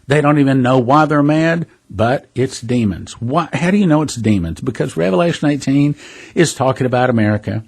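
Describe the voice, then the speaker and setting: A man's voice: mid-range voice, lively intonation, a little fast, a little mellow, husky. A man hosting a prophecy ministry, giving an earnest, conversational preaching monologue and calling listeners brothers and sisters.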